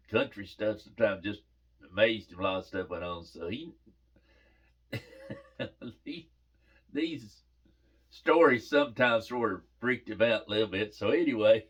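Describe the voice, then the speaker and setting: Folksy storyteller, middle-aged man, a little husky, pitch that swings up and down. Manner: folksy, laughs through the telling, animated quoting. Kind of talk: casual family storytelling.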